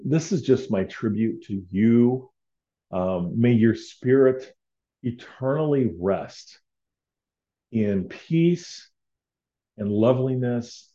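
A man's voice: low voice, warm tone, dull audio. A man hosting a casual solo podcast, rambling and heartfelt with many fillers. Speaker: podcast host.

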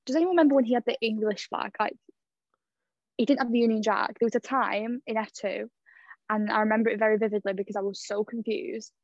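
A young woman co-hosting a podcast, chatty and quick, laughing easily in casual talk. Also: a little high, steady tone, no room sound, lo-fi sound. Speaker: podcast co-host. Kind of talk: casual chat.

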